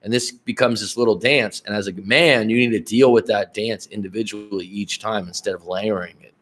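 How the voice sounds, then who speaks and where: A man's voice: fairly low pitch, steady tone, fairly quick, fairly bright tone. A middle-aged man talks through a casual dating-coaching livestream in a blunt, profane way. He rambles, restarts his sentences and calls out to viewers in the chat by name.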